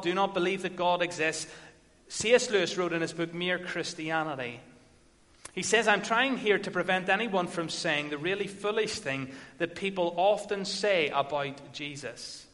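Man preaching in an echoey hall. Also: high-pitched. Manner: storytelling, builds to forceful emphasis. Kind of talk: sermon. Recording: echoey hall with long reverb.

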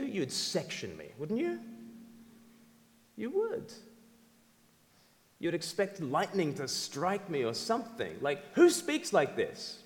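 A man preaching a sermon in a lively, conversational way, asking the audience questions. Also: high voice, slow pace, pauses often. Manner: animated, conversational, audience-engaging. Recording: reverberant hall.

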